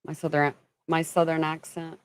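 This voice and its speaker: A woman's voice: low voice, flat delivery, normal speed, clear, resonant tone. A woman from Kentucky hosting a casual livestream, chatting and greeting viewers by name as she talks. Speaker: livestream host.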